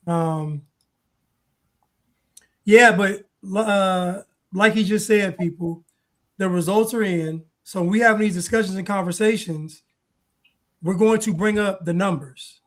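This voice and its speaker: Emphatic high-voiced male livestream host. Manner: emphatic, preachy, repeats points. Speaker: show host. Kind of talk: livestream commentary.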